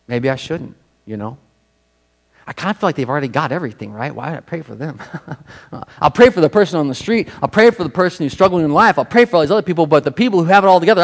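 A man's voice: a little high, animated, fast talker. A man preaching a sermon as pastor, talking in a conversational, self-deprecating way with many rhetorical questions.

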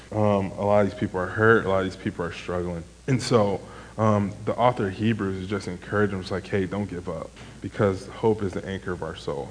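A man's voice: low voice, long reverb tail, slight background noise, poor audio. A young man, a former camp counselor, giving a casual sermon testimony in a rambling way, full of "like" and "um". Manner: rambling, heavy use of "like" and "um".

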